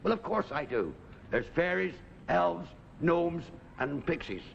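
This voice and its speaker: An actor with an Irish accent playing a jovial old Irish tramp who chats in a gravelly sing-song way, on a dull 1970s TV recording. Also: male voice, a little high, lively intonation, measured pace, heavily acted. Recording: dull 1970s TV sound with faint noise.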